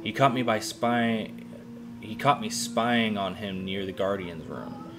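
A man voicing a dying adventurer's note in a slow, tired, grave reading. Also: on the low side, fairly even intonation, close to an everyday voice.

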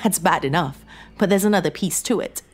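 A woman's voice: on the low side, brisk, breathy edge, faint music behind, pitched above the performer's own voice. A woman voicing a tearful, pleading wife in a horror story, emotional and shaky. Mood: pleading, hurt. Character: tearful, pleading woman facing her divorce.

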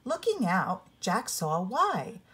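Slow, husky older woman reading a storybook. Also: mid-range voice, wildly swooping pitch, a bit bright. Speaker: storybook reader. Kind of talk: read-aloud children's story narration.

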